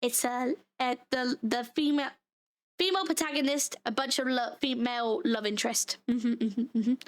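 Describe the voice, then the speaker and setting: A young British woman chatting casually on a livestream, bubbly and giggly, her voice hoarse and giving out. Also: fairly high pitch, moderate pace. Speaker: VTuber streamer.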